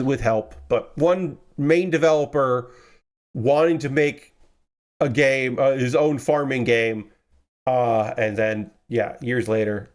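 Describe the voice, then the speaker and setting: A tired man hosting a casual model-building live stream, rambling in a relaxed way with lots of filler words and restarts. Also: medium pitch, takes it slowly. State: tired, yawning.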